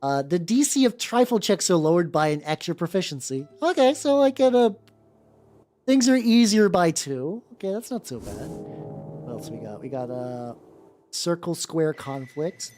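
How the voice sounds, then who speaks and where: A streamer playing a video game, reacting aloud with swearing and reading the game's text out loud. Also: medium pitch, expressive, moderate pace. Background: faint background music.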